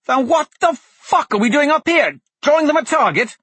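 A man doing a blunt, grumpy warrior, pitched up. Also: sing-song, takes it slowly, bright, forceful tone, husky, no echo, heavily acted. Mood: exasperated. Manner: blunt, exasperated.

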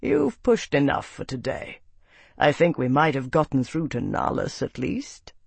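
A man reading an audiobook, voicing a measured, wry male knight officer. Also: fairly high pitch, big pitch swings, creaky, slightly rough, dry recording, exaggerated voice. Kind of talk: audiobook character voice.

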